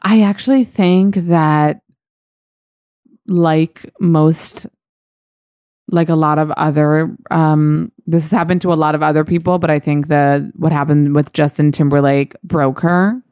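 A woman hosts a casual podcast chat, her voice low and resonant. She rambles candidly through fillers and restarts. The sound is close and dry, with no room around it. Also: fairly even intonation, measured pace, mellow, clear, resonant tone, no room sound. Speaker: podcast host.

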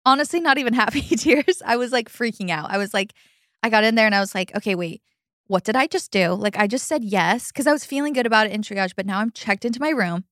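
A woman's voice: a little high, lively intonation, fast, fairly bright tone, no room sound, studio quality. A young adult woman hosting a podcast, telling a personal story in casual chat, chatty and full of fillers, laughing often.

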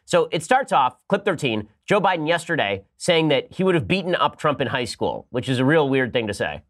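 A man hosting a political podcast, reading an ad and giving sarcastic, animated commentary. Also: a little high, a little fast. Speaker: podcast host. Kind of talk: fast political commentary with ad read.

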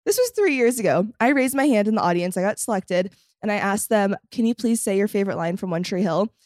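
A young woman in casual podcast chat, telling a story with lots of energy and acting out what people said. Her voice has a middle pitch and swings up high when she gets excited. The sound is close and dry. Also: fast, dry recording. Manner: animated storytelling, acts out quotes, laughs often. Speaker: podcast guest.

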